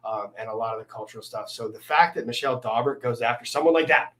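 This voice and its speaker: A man's voice: mid-range voice, quick pace, pushed and bright. A man hosting a casual livestream chat over drinks with a fellow lawyer, talking easily and turning to speak to his viewers. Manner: chatty, addresses the live chat directly. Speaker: host, lawyer livestreaming with a guest.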